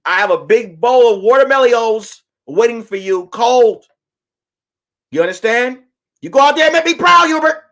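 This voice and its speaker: A man's voice: high-pitched, expressive, unhurried, long pauses, fairly bright tone, heavily acted. A man voicing a bossy, doting wife who scolds and urges her husband on, cursing and repeating his pet name. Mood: coaxing.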